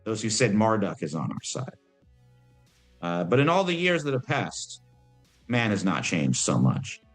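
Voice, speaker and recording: A man voicing Lilith, an ancient female demon who is calm and worldly, speaking in a measured, musing way. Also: lowish voice, faint music behind, heavily acted.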